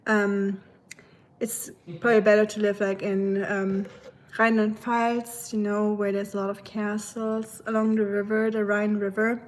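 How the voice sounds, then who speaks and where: A woman's voice: medium pitch, little pitch movement, measured pace, slight background noise. A woman from Germany with a German accent, casually chatting with viewers on a live stream from her home kitchen, with plenty of fillers and asides. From Germany, Black Forest.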